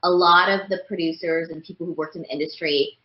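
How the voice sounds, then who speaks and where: Chatty woman guest, low-ish voice, roomy. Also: steady tone, fast. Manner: rambling, many "like" fillers. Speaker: voice actress guest. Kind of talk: casual interview chat. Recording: roomy, dull lo-fi sound.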